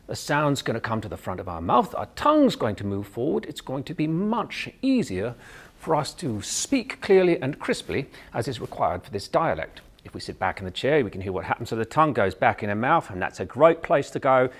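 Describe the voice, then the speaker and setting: A Canadian man teaches an accent tutorial as a dialect coach, with a lively, rising and falling delivery. His voice is gravelly and husky. He explains each point step by step and breaks off to demonstrate sounds. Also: medium pitch, brisk.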